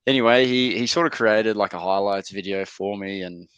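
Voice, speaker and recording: Young bloke, podcast guest, low and smooth, relaxed yarn-spinner with plenty of "um"s, dry close mic. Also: male voice, moderate pace, dry recording, dull audio. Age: young adult. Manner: laid-back, chatty, lots of fillers and mates' slang. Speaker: podcast guest, rugby league player. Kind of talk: casual interview storytelling.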